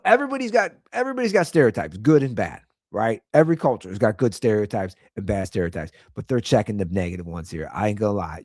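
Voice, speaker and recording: A man's voice: lowish voice, a little mellow, no echo, clean studio sound. A man hosting his own talk show, ranting in a casual way and firing off rhetorical questions. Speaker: podcast host.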